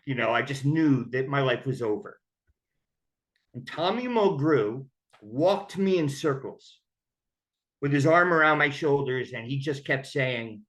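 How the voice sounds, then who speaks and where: Speaking a little slowly with lively intonation, a man with a medium-pitched, fairly bright voice tells his story of recovery. He's open and conversational and voices the people he quotes.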